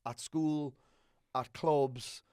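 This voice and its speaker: A man's voice: a little high, very slow, clean tone. A middle-aged man, a business coach on a podcast, chatting casually, swearing freely and joking. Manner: swears freely, animated and jokey.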